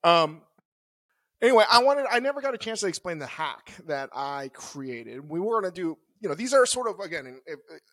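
A man's voice: fairly high pitch, big pitch swings, fairly quick, a bit bright, dry recording. Man, 40s, podcast co-host, loose rambling chat, dry close sound. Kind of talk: casual chat.

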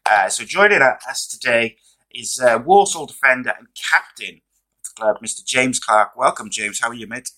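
A man hosting a casual podcast interview, relaxed and chatty with many fillers, his voice going hoarse. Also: mid-range voice, moderate pace, rough recording. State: losing his voice. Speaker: podcast host.

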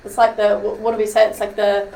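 A woman's voice: medium pitch, monotone, fast, warm tone. A woman hosting a podcast, asking curious questions in a casual interview. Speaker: podcast host. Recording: roomy, distant mic with clear background noise.

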